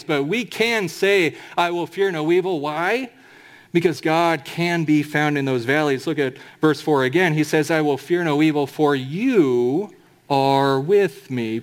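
A man preaching a sermon as pastor, emphatic, slowing right down to draw out scripture quotes. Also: a little high.

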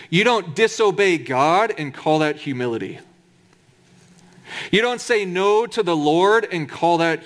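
A man preaching a sermon in a conversational, humorous way, with emphatic asides. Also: high voice.

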